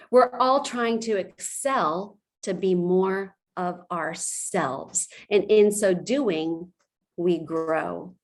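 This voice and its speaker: A woman in her forties giving a motivational training talk to her sales team, passionate and fiery in how she speaks. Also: medium pitch. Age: 40s. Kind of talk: motivational presentation.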